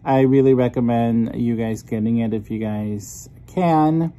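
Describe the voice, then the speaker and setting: Slow-talking male vlogger, swearing freely. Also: mid-range voice, mellow. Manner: chatty, frustrated, heavy swearing. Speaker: vlogger and singer. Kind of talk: casual vlog talk to camera. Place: in a car on a drive.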